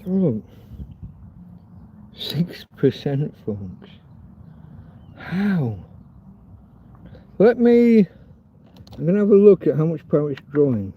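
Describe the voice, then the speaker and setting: Very animated yet slow, with long pauses, this man's high-leaning voice comes through a phone with a little hiss or hum and a dull lo-fi sound. He's cooking outdoors in a field on a casual, rambling livestream, joking crudely and swearing.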